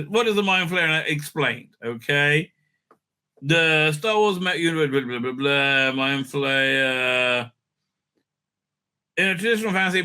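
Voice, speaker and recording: A man with a sharp, bright voice and a slightly high pitch rambles through a casual episode recap. He stumbles on fillers constantly and tosses in crude asides. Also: clear, resonant tone. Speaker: show recapper and reviewer.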